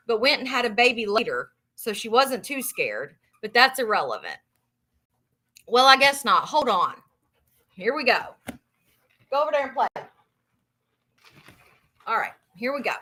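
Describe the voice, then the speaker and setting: A woman hosting a live book club, reading a memoir aloud in a casual, profane way and reacting loudly between passages. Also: fairly high pitch, big pitch swings, normal speed.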